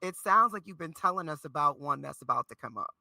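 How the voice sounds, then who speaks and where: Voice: medium pitch, lively intonation, fast, gravelly, sharp tone, no echo. A therapist and life coach hosting an interview, encouraging and playful with words.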